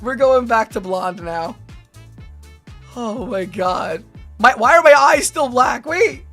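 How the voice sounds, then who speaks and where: A woman in her thirties streaming as a VTuber, chatting excitably with her viewers, laughing often and breaking into squealing exclamations. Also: a little high, takes it slowly, soft background music. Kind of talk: livestream reaction chat.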